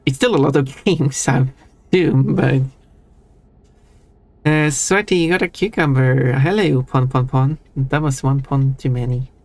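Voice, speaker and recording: A man's voice: mid-range voice, measured pace. Chatty man streaming. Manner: chatty, self-amused, restarts and trails off. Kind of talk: casual chat while gaming.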